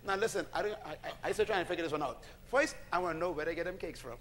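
A man preaching a sermon to a congregation, emphatic and animated, calling for responses and now and then shouting out a line. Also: on the high side, quick pace, few pauses.

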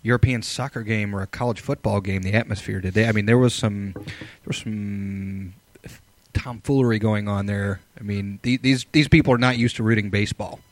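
A man co-hosting a live sports podcast, giving measured analysis with hedging fillers. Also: lowish voice, steady tone. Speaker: podcast co-host. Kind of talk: casual sports chat.

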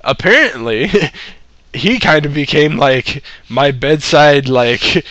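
A man's voice: on the high side, expressive, takes it slowly, fairly bright tone, no room sound. A man casually telling a story, swearing a lot and laughing between lines.

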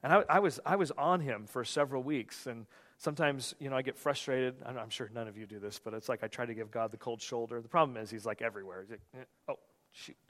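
A man's voice: mid-range voice, fast talker. A male pastor preaching a sermon, telling stories animatedly and often restarting his sentences. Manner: animated storytelling with frequent restarts. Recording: long reverb of a large hall.

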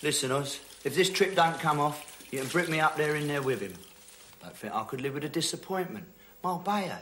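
A brash builder. He talks cocky and chirpy, pitched a touch higher than most men. The TV audio carries clear background noise. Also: lively intonation, brisk, fairly bright tone. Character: brash cocky London builder, man, adult.

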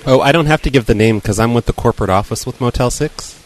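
A man making a prank phone call, posing as an official in a stumbling, deadpan way. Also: mid-range voice, fast talker. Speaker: prank caller and show host.

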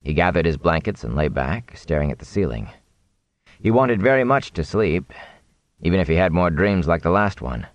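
A man narrating a fantasy audiobook in a steady, measured reading. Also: deep voice, dry recording.

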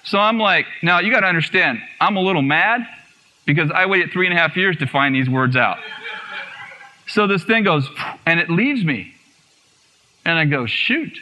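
Lively man preaching a testimony, bright voice. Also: fairly high pitch, normal speed, pauses often. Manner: animated storytelling, acting out quotes, laughing often. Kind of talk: personal testimony in a sermon. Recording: muffled radio broadcast.

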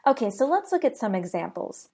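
A woman with an American accent teaching a pronunciation lesson, saying each word slowly and repeating it for learners. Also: medium pitch, big pitch swings, vocal fry, a little mellow, husky. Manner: models words slowly and repeats them for learners. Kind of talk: slow, clear pronunciation lesson.

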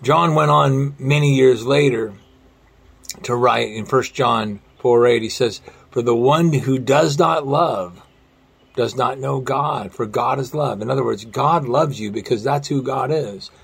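A man preaching a sermon in an earnest way, slowing down and dropping his voice very low on quoted lines. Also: gravelly, breathy edge. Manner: earnest, slows and drops to near-whisper on quotes. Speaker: pastor.

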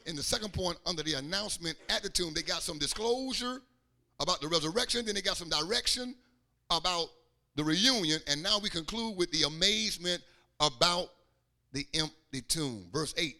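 A man preaching, his high, gravelly voice ringing bright and sharp. He swings his pitch widely and climbs into fervent shouts, acting out the quoted speakers as he goes. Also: animated, normal speed. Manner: preaching with call-and-response rhythm and acted-out quotes, rising to shouts. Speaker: pastor. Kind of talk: sermon.

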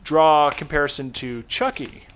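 Male podcast co-host, voice a touch high, wry and analytical. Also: steady tone, normal speed, fairly bright tone, a little hiss or hum. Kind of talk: casual chat.

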